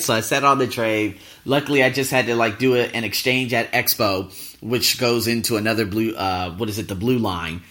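A man's voice: lowish voice, steady tone, normal speed, bright, forceful tone. A man hosting a podcast, telling a travel story in a casual, profane, ranting way. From United States. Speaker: podcast host.

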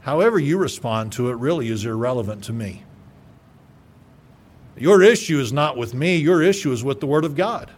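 A pastor preaching a radio sermon, forceful and emphatic, stumbling over repeated words as he builds up. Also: mid-range voice, animated, normal speed.

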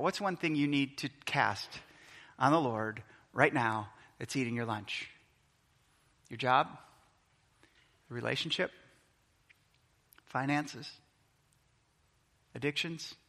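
A man preaching a sermon in a church, animated and acting out scenes from the Bible. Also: mid-range voice, in a large hall. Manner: animated, acts out Bible scenes in quoted voices. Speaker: pastor.

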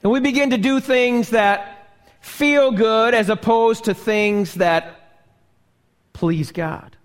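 Recorded live in a church sanctuary, a male pastor delivers a sermon in a high voice, slowly and deliberately posing rhetorical questions to the congregation. A long reverb carries his words through the hall.

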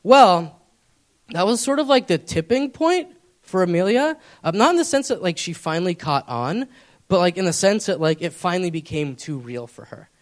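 A man's voice: high-pitched, lively intonation, moderate pace. A young man preaching, telling a personal story in a casual, rambling way with many fillers. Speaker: pastor. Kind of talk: storytelling sermon.

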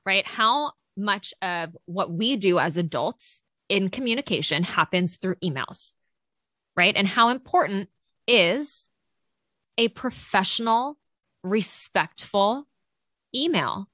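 A woman co-hosting a podcast for teachers, lively and chatty, laughing easily as she talks. Her voice sits at an ordinary middle pitch and sounds dry and close to the mic. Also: slow pace, dry recording. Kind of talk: casual podcast chat.

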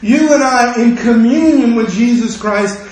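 High-voiced preaching man in an echoey church. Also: measured pace, a little mellow. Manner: impassioned preaching with rhetorical questions. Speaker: pastor. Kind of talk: sermon. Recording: very echoey room.

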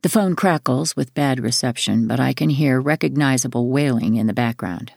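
A woman narrating a first-person memoir audiobook in a measured, plain storytelling way. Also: a bass voice, vocal fry, a little mellow, no echo, studio quality.

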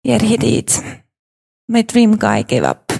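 A woman giving a storytelling speech on stage, swinging between hushed pauses and excited pleading, with repetitions. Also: fairly high pitch, gravelly, slightly rough. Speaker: speaker presenting a personal story.

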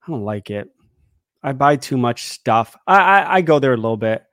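A man in his thirties co-hosting a podcast, talking in an animated, opinionated way that trips over repeated words. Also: mid-range voice, moderate pace, dry recording, clean studio sound. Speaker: podcast co-host. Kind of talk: casual chat.

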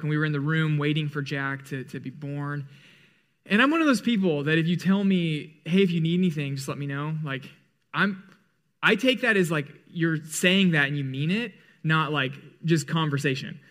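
A male worship leader with a slightly raised pitch, telling a story in a loose, joking way. He trips over restarts and fills gaps with "like," and jumps up high whenever he acts out what someone said. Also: normal speed, a bit bright. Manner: rambling, self-deprecating and humorous, many "like" fillers and restarts; acts out quoted lines with big pitch jumps. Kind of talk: storytelling before a song in a church service.

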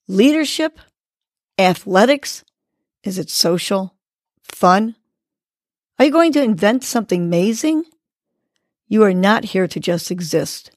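A woman leads a guided breathing exercise on her podcast in a slow, gentle, encouraging way. Her voice has a gravelly, creaky edge. The sound is close and dry. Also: fairly low pitch, no echo. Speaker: podcast host.

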